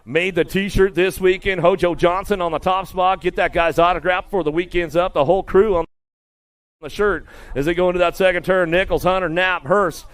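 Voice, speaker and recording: A man announcing live BMX races, rattling off rider names with bursts of excitement. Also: high-pitched. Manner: rapid-fire calling of rider names, excitable. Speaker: race announcer. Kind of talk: live BMX race commentary.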